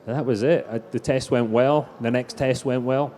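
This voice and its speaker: Middle-aged guy on a live stage, mellow voice, rambling racing stories w restarts. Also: mid-range voice, steady tone, moderate pace. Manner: anecdotal storytelling, frequent restarts. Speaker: racing driver guest.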